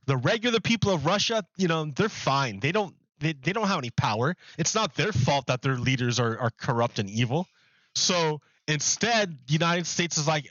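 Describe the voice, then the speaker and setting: A man streaming a video game, chatting casually in a rambling, animated way and restarting his sentences often. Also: fairly high pitch, moderate pace, dry recording, lo-fi sound. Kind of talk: casual chat while gaming.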